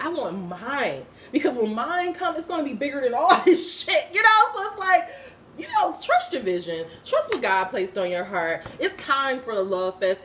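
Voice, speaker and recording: A woman gives a casual, emphatic inspirational talk, slangy and full of swearing. Her voice sits at a medium pitch. A faint hiss of noise runs behind her. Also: fairly bright tone, echoey room. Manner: emphatic, slangy, swears freely, laughs often. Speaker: spiritual vlogger and host.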